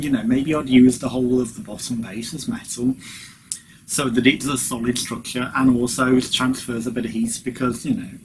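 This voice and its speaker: A man talks through a home kitchen review in a loose, rambling way, leaning on "you know" between thoughts. His voice sits at an ordinary middle pitch. A steady background noise runs under the home recording. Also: low-quality recording. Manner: rambling, chatty, frequent "you know" fillers; chewing while talking at times. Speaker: vlogger. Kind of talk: casual product review vlog.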